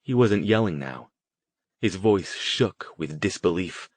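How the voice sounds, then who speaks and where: A man narrating an audiobook in a measured, even storytelling manner. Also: low-pitched, slightly rough, dry recording. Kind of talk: scripted narration.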